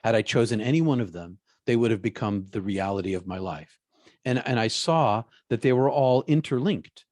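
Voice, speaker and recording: A man, a guest in an interview, telling a personal story in a halting way, often repeating his words. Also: medium pitch, animated, a little mellow, dry recording, studio quality.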